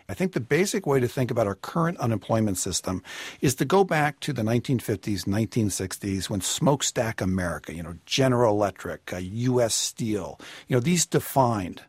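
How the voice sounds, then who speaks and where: Husky guy explaining money stuff on call-in radio, dry studio sound, steady and a bit wry. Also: mid-range voice, normal speed, no echo. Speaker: personal finance expert.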